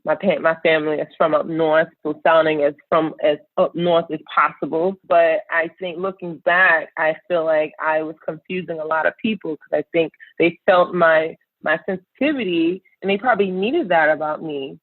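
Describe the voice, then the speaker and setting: A woman's voice: low voice, steady tone, moderate pace, hardly any pauses, no room sound. A woman guest in a podcast interview, talking in an earnest, reflective way. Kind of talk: casual interview talk. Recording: tinny phone-like line.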